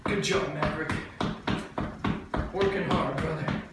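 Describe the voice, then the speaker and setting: Deep-voiced and a bit slow, with fairly flat intonation, a woman coaches a workout while doing it herself, chatting brightly and cracking jokes as she cues moves. The mic sits far off in a very echoey room, and noise is audible.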